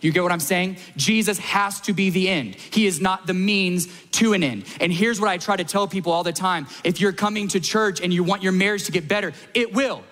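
A man's voice: high voice, fairly even intonation, fairly quick, hardly any pauses, fairly bright tone, long reverb tail, faint music behind. A man preaching a sermon as pastor at a church service, emphatic, repeating lines and building to peaks.

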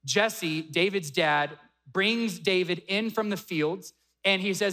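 A young man preaching a sermon, retelling a story with animated acted-out dialogue. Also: sits high, unhurried. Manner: animated, acts out quoted dialogue. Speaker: pastor.

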